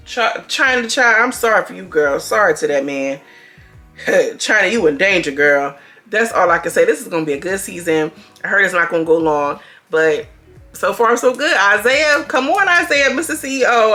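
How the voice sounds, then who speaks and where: A young woman casually recapping a reality show, animated and gossipy, laughing often. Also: medium pitch. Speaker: reality TV reviewer.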